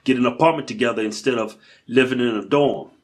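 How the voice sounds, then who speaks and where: A man in casual comedy banter, crudely and repeatedly complaining that someone is too loud beside him. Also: medium pitch, quick pace. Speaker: comedy video host.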